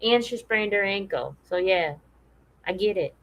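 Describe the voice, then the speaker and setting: A woman co-hosting a podcast, chatting in a relaxed way and reading viewer comments aloud. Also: medium pitch, unhurried, poor audio. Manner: relaxed and conversational, with frequent restarts. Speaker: podcast co-host.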